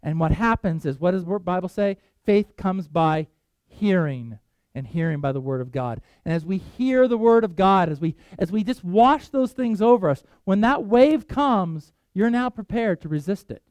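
A male pastor preaching a sermon, telling Bible stories with animated voices for the characters. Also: moderate pace, dry recording. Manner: animated storytelling, voices Bible figures, pitch jumps for excitement.

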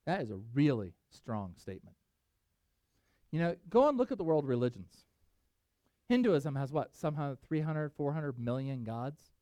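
A male pastor preaching to his congregation in a high, lively voice. He speaks emphatically, with big swings in pitch. The sound is dry and close. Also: moderate pace, no echo. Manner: emphatic, animated, conversational preaching. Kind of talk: sermon.

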